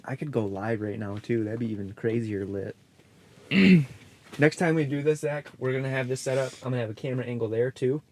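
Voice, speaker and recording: A man's voice: mid-range voice, brisk, darkish tone, slight background noise. A young man co-hosting a podcast, rambling in laid-back casual chat from an ice fishing shelter. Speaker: podcast co-host.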